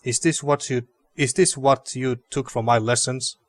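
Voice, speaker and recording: A man reading a gentle pleading old teacher. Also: mid-range voice, fairly even intonation, dry recording, close to an everyday voice. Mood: earnest. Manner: measured, earnest reading of game dialogue.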